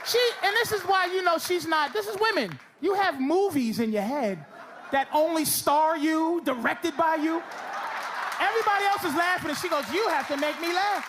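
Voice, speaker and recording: A man's voice: very high voice, moderate pace. A man doing stand-up in a comedy club, brashly mocking audience members with profane crowd work. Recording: loud crowd laughter, club noise.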